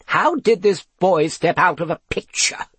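Guy doing a bossy quirky lady professor, higher voice. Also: normal speed, no room sound, lightly acted. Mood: demanding. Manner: demanding. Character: demanding eccentric woman professor.

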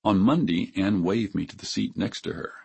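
A man in his seventies from Texas, narrating his memoir in a measured, reflective way. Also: low-pitched, creaky, mellow, slightly rough.

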